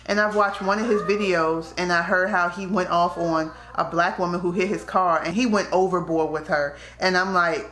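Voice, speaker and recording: A woman's voice: fairly low pitch, moderate pace, hardly any pauses, fairly bright tone. A woman vlogger telling a personal story to camera in a candid, conversational way. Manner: candid, conversational, slips into quoted voices. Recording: echoey room.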